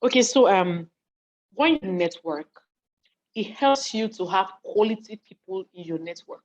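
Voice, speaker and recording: A Nigerian woman giving a lively, conversational online talk from her home study, often checking that her listeners are following, while hungry and yawning. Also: mid-range voice, measured pace. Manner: lively and conversational, acts out what people say, asks listeners if they follow. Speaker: speaker on leadership and volunteering. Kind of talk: live online talk to an audience in a chat. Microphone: video call. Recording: dull lo-fi call audio.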